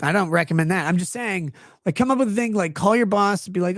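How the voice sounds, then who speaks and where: A man's voice: sits high, quick pace, a bit bright, no echo, studio quality. A man hosting a casual livestream, reading chat messages aloud and riffing on them sarcastically. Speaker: livestream legal commentary host.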